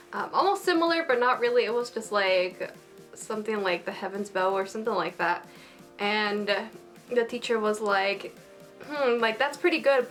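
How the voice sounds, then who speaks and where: A woman reviewing anime chats casually, bubbly and gushing, with plenty of filler words. Her voice is medium-pitched with a fairly bright tone.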